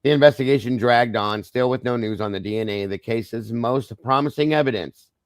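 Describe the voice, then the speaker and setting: A mid-range male voice reads out reports on a true crime stream, chatting informally with viewers he calls "guys" and peppering it with "okay" and apologies. He sounds strained, holding himself together, recorded dry and clean through a streaming mic.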